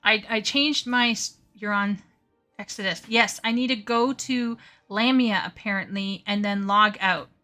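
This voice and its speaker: Her mid-range voice comes across bright and forceful at a measured pace, with soft music in the background. She's a woman gaming on a live stream, chatty and frequently flustered, stammering as she talks casually with her viewers.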